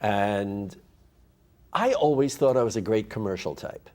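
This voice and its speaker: A man's voice: lowish voice, expressive, measured pace, a little mellow. A man, a theater actor, asking the speaker curious questions about agents. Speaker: audience member, actor.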